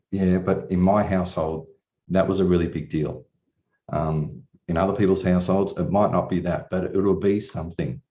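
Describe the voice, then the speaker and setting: A man with a low, warm voice speaks as a client giving a testimonial. He opens up about his life earnestly and emotionally, swearing now and then and restarting many times. The sound is dull and lo-fi from a distant mic.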